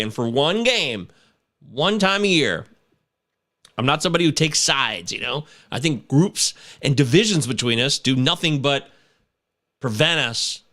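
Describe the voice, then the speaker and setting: A man in his thirties hosting a casual sports podcast, animated and swearing, breaking into shouts and chants. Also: mid-range voice, normal speed. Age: 30s. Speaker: podcast host.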